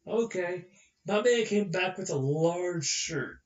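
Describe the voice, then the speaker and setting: Chatting casually on his podcast, a young man rambles through a story and plays the characters, voicing their quotes with animation. He has a high voice and takes things slowly, in a recording that comes across as distant, roomy, and dull.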